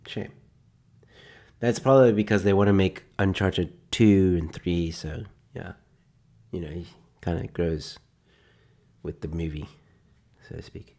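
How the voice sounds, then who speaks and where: A man's voice: low voice, steady tone, a little slow, long pauses, dark tone. A man hosting a live stream, chatting casually and joking sarcastically while he reads out film synopses. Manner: rambling, jokey and sarcastic, reading film synopses aloud. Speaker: host.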